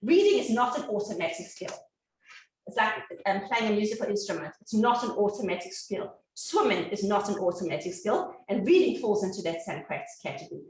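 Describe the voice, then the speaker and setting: A woman giving an educational talk as a reading specialist, animated and acting out sounds the way she does with children. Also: mid-range voice, a little fast. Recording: echoey room, distant mic.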